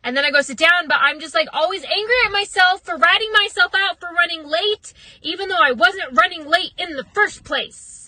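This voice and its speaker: A woman's voice: extremely high pitch, brisk, bright, forceful tone, no echo, low-quality recording. A woman telling rambling, self-deprecating comic stories in a casual storytime monologue. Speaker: comedic storyteller.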